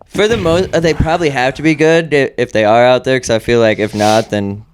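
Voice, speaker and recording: A man's voice: medium pitch, steady tone, a little fast, a little hiss or hum. A man co-hosting a casual podcast, agreeable and easygoing, with lots of slang. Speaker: podcast co-host. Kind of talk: casual chat.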